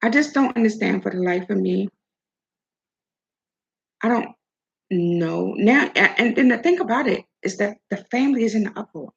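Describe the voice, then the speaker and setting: An older woman runs a commentary vlog, sassily confronting the person she criticizes head-on. Her mid-range voice is creaky and a touch breathy, moving at a normal speed with long pauses. The audio is flat and lo-fi.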